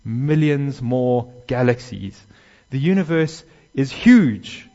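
A man's voice: lively intonation, slow pace. Emphatic preacher man, lo-fi. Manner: emphatic, swelling louder on key phrases and dropping low and soft on others. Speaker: pastor. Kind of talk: sermon.

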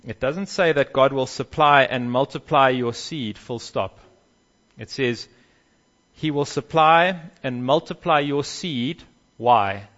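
A man's voice: mid-range voice, a bit bright. Earnest male preacher, muffled sound. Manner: earnest, emphatic, repeats key phrases. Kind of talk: expository sermon.

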